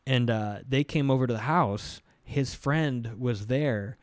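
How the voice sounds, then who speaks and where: A man's voice: mid-range voice, takes it slowly, clear, resonant tone, no echo. A man hosting a podcast, chatting casually and telling stories with lots of laughter, on a studio microphone. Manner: animated storyteller, laughs often. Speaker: podcast host.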